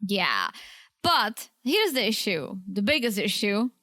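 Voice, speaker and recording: A woman's voice: medium pitch, very animated, takes it slowly, sharp tone, no room sound, clean studio sound. A woman co-hosting a casual podcast, chatting about a reality show and telling stories by acting out both sides of phone calls. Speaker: podcast co-host.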